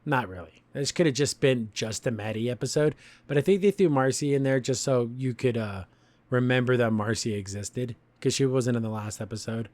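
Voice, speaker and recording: A man hosts a relaxed cartoon review podcast, rambling loosely through the plot and breaking into chuckles as he goes. His voice sits at an ordinary middle pitch. The sound is dry and close, with almost no room around it. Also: fairly quick, no echo. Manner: rambling, chuckles often while retelling scenes. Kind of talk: casual review commentary.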